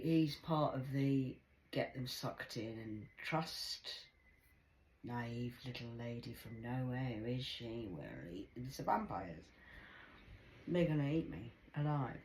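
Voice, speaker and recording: A middle-aged English woman rambling through a personal story, swearing, dropping into hushed whispers and breaking into loud, high-pitched impressions of people. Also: slow, a little hiss or hum.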